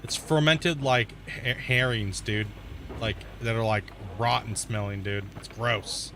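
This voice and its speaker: Casual male gamer, slangy dude-and-bro talk, mid-pitched voice, faint noise in the background. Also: steady tone, unhurried, sharp tone. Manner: laid-back slangy chatter, says dude and bro. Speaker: gaming streamer. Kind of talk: casual let's-play commentary.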